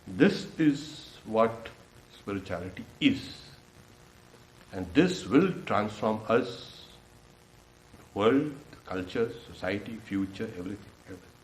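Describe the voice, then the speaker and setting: A man giving a spiritual talk as a swami, laughing often between points and jumping in pitch when he acts out questions. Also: unhurried, a little hiss or hum. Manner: laughs often, animated with lively pitch jumps. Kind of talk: sermon. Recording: echoey hall.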